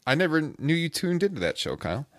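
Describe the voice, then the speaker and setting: A man's voice: fairly high pitch, sing-song, quick pace, dry recording, clean studio sound. A man hosting a casual podcast, moderating and handing the turn to his co-hosts. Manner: moderating, passing turns to co-hosts. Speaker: podcast host. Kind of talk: casual wrestling podcast chat.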